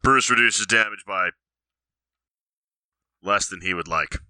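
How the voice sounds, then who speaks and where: A tabletop player describing his character's moves in a matter-of-fact way. His voice is low and extremely bright, and it sounds dry and close. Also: takes it slowly, clear, resonant tone, no room sound. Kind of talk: narrating his character's actions.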